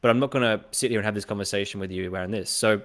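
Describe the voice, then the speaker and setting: A young man with an Australian accent talks on a casual podcast in a lowish voice. He tells his stories with energy and acts out the lines of other people as he goes. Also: rapid-fire, fairly bright tone. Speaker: podcast host.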